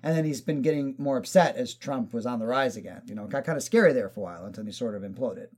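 A man telling stories in casual chat, animated and profane, acting out other people's lines. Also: medium pitch, quick pace. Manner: animated storyteller, swears, acts out quotes.

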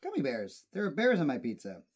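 A man's voice: mid-range voice, huge pitch swings, brisk, breathy edge. A man in casual chat, playful and teasing while tasting candy.

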